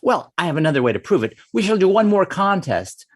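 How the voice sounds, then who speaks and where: A man's voice: high voice, sing-song, brisk, pitched above the performer's own voice. A man voicing a small, clever male frog who is a boastful trickster, talking slyly in a told folktale. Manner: sly and boastful.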